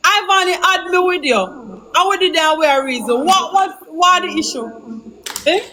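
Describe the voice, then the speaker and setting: Brief: Jamaican woman, high voice, heated defensive live-stream rant, faint hiss behind. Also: expressive, normal speed, sharp tone, low-quality recording. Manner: agitated, repetitive, defensive. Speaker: livestreamer.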